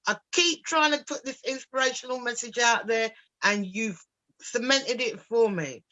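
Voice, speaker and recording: Woman, talk show host, enthusiastic, encouraging, bright tone, higher pitch. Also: moderate pace, rough recording.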